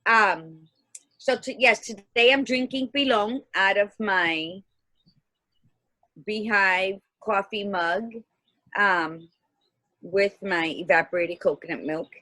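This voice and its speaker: A woman in her fifties co-hosting a casual livestream chat, lively and laughing, dropping Spanish greetings. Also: mid-range voice, slow, long pauses, no room sound. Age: 50s. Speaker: co-host, life coach. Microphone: video call.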